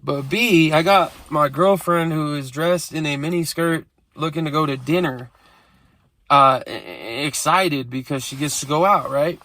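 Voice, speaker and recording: A man's voice: on the high side, unhurried, sharp tone. A man casually telling a rambling street story, streetwise and full of profanity.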